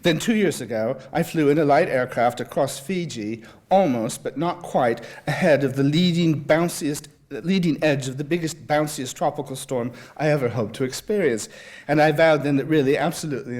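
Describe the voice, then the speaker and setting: A man speaking at a public talk, mixing anecdote with reading aloud. His telling is wry and self-deprecating, with a mid-pitched voice. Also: darkish tone. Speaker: guest speaker. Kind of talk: humorous storytelling and reading aloud.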